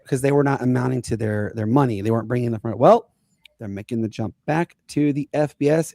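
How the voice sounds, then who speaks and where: An excitable man hosting a casual sports podcast, his fairly high voice carrying a gravelly edge. He tells stories with sudden bursts of loudness. The sound is close and dry. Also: no echo. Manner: excitable, storytelling, rising and falling loudly. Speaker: podcast host and youth basketball coach.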